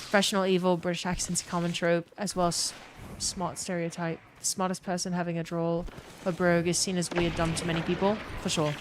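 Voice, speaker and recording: A woman's voice: on the low side, little pitch movement, brisk, background noise. A woman from New Orleans chatting casually and rambling on a game live stream, swearing freely and greeting chat. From New Orleans, USA.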